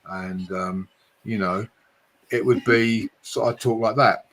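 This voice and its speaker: A man with an accent that mixes Essex and London, hosting a late-night live stream in a chatty way and speeding up when he gets excited. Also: mid-range voice, a little slow. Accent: mix of Essex and London English. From Hertfordshire, England. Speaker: livestream host.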